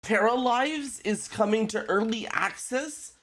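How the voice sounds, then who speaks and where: A woman's voice: on the high side, unhurried. A woman streaming a game, chatting casually and giggling with her chat. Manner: giggly, animated, talks to chat.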